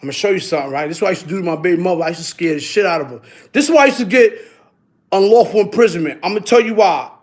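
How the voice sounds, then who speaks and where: A middle-aged man talking loudly to his livestream chat, laughing often, in heavy street slang. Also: high voice, expressive, racing. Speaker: livestream host.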